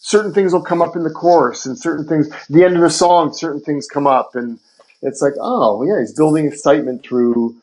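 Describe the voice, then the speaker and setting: On a casual podcast, a guest music producer shares lively anecdotes from the studio, acting out quoted dialogue and cursing freely. His voice sits fairly high and moves briskly, and the audio quality is poor.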